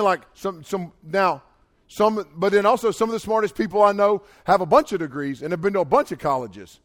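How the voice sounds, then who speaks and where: Fortysomething guy preaching, slightly high voice, chatty and emphatic. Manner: casual, emphatic, builds to loud urging. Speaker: pastor. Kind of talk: sermon to young people.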